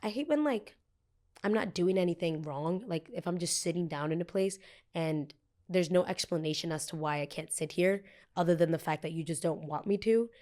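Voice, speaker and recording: A young woman in her twenties hosts a podcast, telling a heated story in a casual, profane way. Her fairly low, warm voice keeps a moderate pace, and she acts out the people she quotes.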